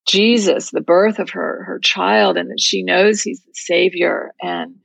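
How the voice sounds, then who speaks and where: A woman's voice: lowish voice, steady tone, a little slow, gravelly, no room sound, rough recording. A woman guest telling a personal faith story in an earnest, heartfelt, reflective way. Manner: heartfelt, reflective, speaks of prayer and scripture.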